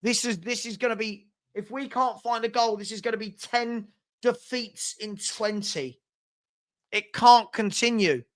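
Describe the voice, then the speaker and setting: A man's voice: high voice, unhurried. A young man hosting a live football watchalong, ranting heatedly and hurling insults.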